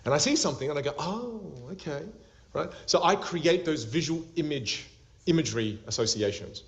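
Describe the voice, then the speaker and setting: A man teaching an interactive online class as a public speaking coach. He talks in an animated way, laughs a lot and acts out little scenes as he explains. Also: a little high, brisk. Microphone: video call. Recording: dull lo-fi video call audio.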